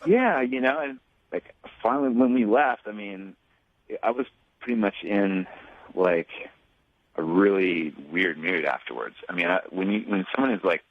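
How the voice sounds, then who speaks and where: A man calling in to a radio show, talking haltingly with many restarts. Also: on the low side, lively intonation, no echo, narrow, tinny audio. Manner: halting, hesitant, lots of restarts. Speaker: caller. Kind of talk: casual radio phone call.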